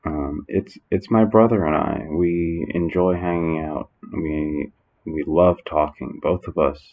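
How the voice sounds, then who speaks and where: A man hosting a comedy podcast, talking in a halting, filler-heavy, playful way. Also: rumbling low, narrow, tinny audio. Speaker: podcast host. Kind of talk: comedy sketch and casual chat. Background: background music.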